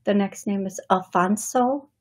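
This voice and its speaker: Slow-talking woman hosting a psychic show. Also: mid-range voice, a little mellow, slightly rough. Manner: slow, halting, thinking aloud with pauses; laughs often between remarks. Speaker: psychic medium show host. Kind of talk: live call-in radio show.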